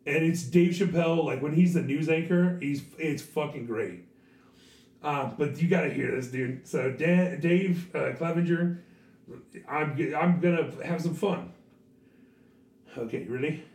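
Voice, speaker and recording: A hoarse man with a craggy, sore throat hosts a podcast, swearing and telling stories in a casual chat. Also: on the high side, a little slow. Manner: animated, swearing, storytelling. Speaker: podcast host and teacher. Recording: echoey room, distant mic.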